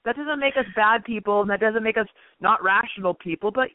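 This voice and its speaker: A woman's voice: mid-range voice, brisk, no echo. A woman guest on talk radio who chats with plenty of fillers and turns indignant as she goes on. Her voice is dry and thin, and it sounds tinny, like it comes over a phone line. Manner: chatty, hesitant, with many fillers, then indignant. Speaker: radio guest and political writer. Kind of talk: conversational political talk.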